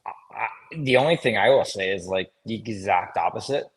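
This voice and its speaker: A man's voice: on the low side, fairly quick, slightly rough. A man in his thirties who co-hosts a casual sports chat show, telling stories about his playing days with lots of laughter. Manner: laughing storyteller, animated anecdotes. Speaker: co-host, former player.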